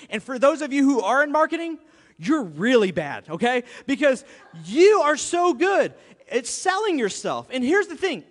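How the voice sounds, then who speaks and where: Lively, high-voiced male pastor preaching. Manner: animated, conversational preaching with playful asides. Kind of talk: sermon. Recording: long hall reverb.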